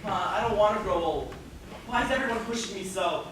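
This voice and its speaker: A man's voice: high-pitched, brisk, a bit bright. A young man playing an anxious groom who pleads with his mother before the wedding, in a stage play. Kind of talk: stage acting. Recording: echoey hall, distant mic, noisy.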